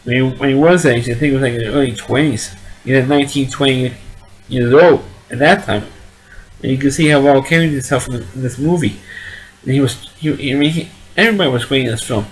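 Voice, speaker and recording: Man, middle pitch, casual movie review, rambling, stumbles and repeats words. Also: fairly quick, low-quality recording.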